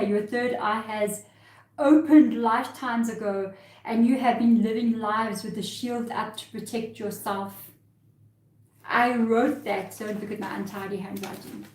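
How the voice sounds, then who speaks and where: A woman's voice: a little high, a little mellow, roomy sound, poor audio. A woman giving a live tarot reading, talking earnestly and emotionally about spirit guides and cards. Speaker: tarot reader.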